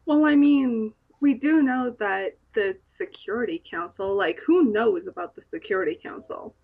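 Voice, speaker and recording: A woman's voice: fairly high pitch, moderate pace, creaky, breathy edge. A young woman co-hosting a casual fan podcast, dropping dry, wry asides. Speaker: podcast co-host. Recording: dull lo-fi audio with faint music.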